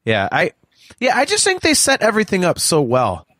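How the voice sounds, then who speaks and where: Podcast guy chatting, fairly high voice that jumps all over, keeps tripping on his words. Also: normal speed, no echo, clean studio sound. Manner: animated, stammering restarts, laughs often. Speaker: podcast co-host. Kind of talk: casual chat.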